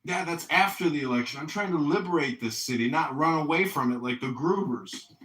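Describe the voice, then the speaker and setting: A man running for mayor chats casually, telling stories excitably, with profanity and frequent laughter. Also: fairly high pitch, brisk, slight background noise. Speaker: mayoral candidate. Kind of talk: casual storytelling chat. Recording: echoey room, distant mic.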